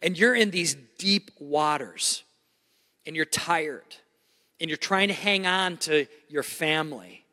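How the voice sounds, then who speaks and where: A middle-aged man preaching a sermon, telling a personal story with animated, emphatic delivery and frequent restarts. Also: fairly high pitch, slow, long reverb tail. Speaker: pastor.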